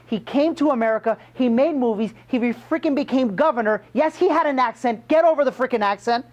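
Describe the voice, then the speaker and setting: A man's voice: very high voice, a little fast, hardly any pauses, lo-fi sound. A man coaching a room of salespeople, emphatic and punchy, firing questions at his audience. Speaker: sales trainer. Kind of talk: motivational sales training talk.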